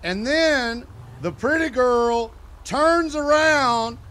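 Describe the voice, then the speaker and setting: A man's voice: very high-pitched, lively intonation, very slow, pushed and bright. A man in a game role-play, telling a joking, profane story in a casual, chatty way.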